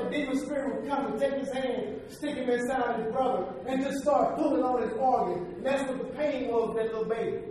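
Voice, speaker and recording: Captured from far off in an echoey hall with slight background noise, a man with an extremely high, slightly mellow voice preaches with emphatic repetition. He tells long stories and leads the congregation in chanted call-and-response.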